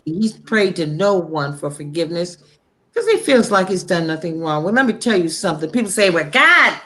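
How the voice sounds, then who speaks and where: A woman talks about faith in an impassioned, preachy way. Her speech is slow and drawn out, and she lets blunt swearing slip in. Her voice sits at an ordinary middle pitch for a woman. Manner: impassioned, preachy, frank with profanity; slow, deliberate delivery. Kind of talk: casual faith talk on a show.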